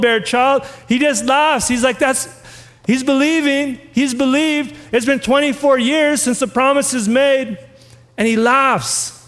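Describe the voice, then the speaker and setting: A man's voice: very high-pitched, a bit bright, long reverb tail. A man preaching a sermon as a pastor, reading scripture aloud and asking the listeners questions.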